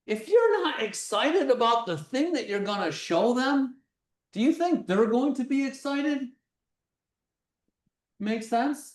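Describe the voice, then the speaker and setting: A physics lecture demonstrator gives an animated live workshop presentation, acting things out and projecting loudly. His mid-range voice is picked up far from the mic, so the sound is roomy.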